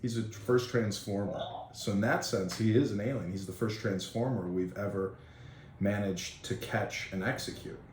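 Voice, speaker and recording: Low-voiced man with deadpan quips. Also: normal speed. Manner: joking, deadpan one-liners. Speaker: podcast co-host. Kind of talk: casual chat. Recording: echoey room with faint noise.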